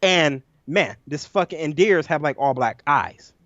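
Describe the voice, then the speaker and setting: A man co-hosting a podcast, telling a nightmare story in an animated, profane way and acting out his own lines. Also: on the high side, a little slow, no room sound. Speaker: podcast co-host. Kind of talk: casual storytelling chat. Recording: dull lo-fi audio, dry.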